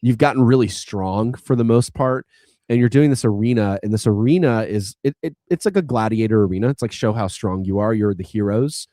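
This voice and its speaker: A podcast co-host retells a video game story casually and ramblingly, full of "likes" and restarts. His voice is fairly low, mellow and fairly quick, captured in a clean studio with no echo.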